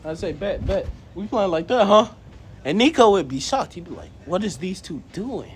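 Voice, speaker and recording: A man's voice: sits high, lively intonation, moderate pace, husky. A man casually improvising a story in slangy speech. He acts out the quoted lines and laughs often. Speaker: co-host telling a fan story.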